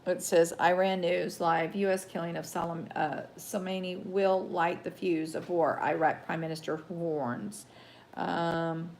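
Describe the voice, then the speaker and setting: A woman hosting a casual live news show, reading headlines haltingly with many ums, chatting to viewers and getting heated about the news. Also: fairly low pitch, level tone, darkish tone, a little hiss or hum. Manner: reads haltingly with many ums, greets chat viewers, gets heated and worked up. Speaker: host.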